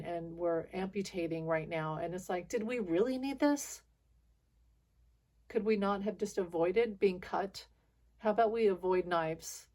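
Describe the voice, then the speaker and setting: A woman's voice: on the low side, darkish tone. A woman hosting her own spiritual video channel, talking to viewers in a rambling, frustrated monologue full of restarts and little laughs.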